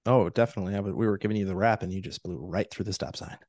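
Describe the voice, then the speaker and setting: A man's voice: low-pitched, racing, a little mellow, no echo. A man, the show's producer, chiming in with dry jokes. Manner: dry, joking interjections. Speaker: podcast producer. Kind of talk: casual podcast chat.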